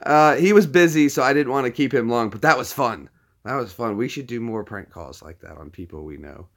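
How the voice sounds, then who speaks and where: A man's voice: mid-range voice, expressive, brisk, fairly bright tone. A man hosting a casual livestream from his phone, rambling and often restarting his sentences. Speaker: livestream host.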